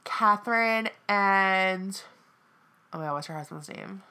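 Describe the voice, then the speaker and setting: A woman chatting casually on a podcast, with a bright, forceful voice. She talks in a dramatic, gushing way and fills her sentences with "like." She swings easily from excitement to complaint. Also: medium pitch, measured pace, smooth. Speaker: co-host.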